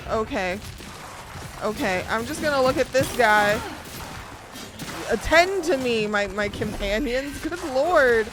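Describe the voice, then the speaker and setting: Woman, streamer, fairly high voice, excitable, swears a lot, live gameplay commentary. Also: a little slow, pauses often, noisy background. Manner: excitable, swears often, talks to herself and the screen.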